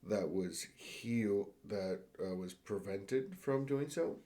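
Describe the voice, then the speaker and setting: Hesitant man with a lowish voice. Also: mellow. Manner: hesitant, slow to phrase questions. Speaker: player. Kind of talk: casual tabletop play.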